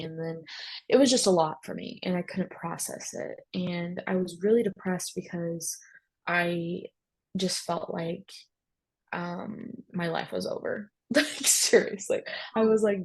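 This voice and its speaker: Young woman guest, low and husky with some fry, candid and casual, lots of fillers. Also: fairly even intonation, measured pace, low-quality recording. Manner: candid, talks in bursts with many fillers. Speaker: guest sharing her story. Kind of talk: casual personal storytelling.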